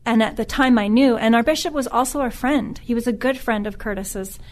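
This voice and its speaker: A middle-aged woman who is a podcast guest, telling a personal story in a subdued, earnest way that often stops and restarts. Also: fairly high pitch. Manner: halting, with frequent restarts.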